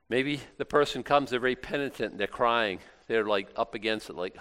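A man's voice: medium pitch, a little fast, hardly any pauses, a bit bright. A middle-aged man preaching a casual, conversational sermon, acting out little asides and laughing now and then. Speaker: pastor.

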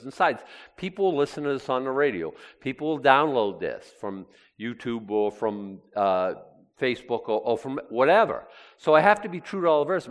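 A man's voice: medium pitch, fairly bright tone. A man preaching a sermon, reading scripture aloud with sarcastic asides. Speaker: pastor.

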